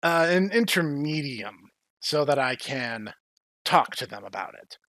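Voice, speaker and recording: A man voicing a vast male digital entity that calmly plans to use the humans it looks down on. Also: mid-range voice, measured pace, no room sound. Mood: dismissive.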